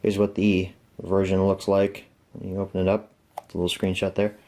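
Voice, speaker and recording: A man's voice: sits low, completely flat delivery, fairly quick, dark tone. A young man hosting a home media review vlog, chatting casually about disc packaging and joking at his own expense. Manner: chatty, self-deprecating, thinks aloud.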